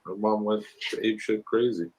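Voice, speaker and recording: A man's voice: on the low side, fairly even intonation, moderate pace, a little mellow, rough recording. A man in a heated online voice chat with a needling, provocative way of talking.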